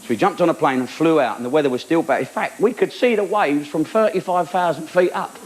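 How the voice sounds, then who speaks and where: A man's voice: a little high, fast talker, rough recording. A man telling chatty, cheeky stories as a stand-up comedian and acting out the voices, recorded live in a theatre. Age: 40s. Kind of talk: stand-up storytelling.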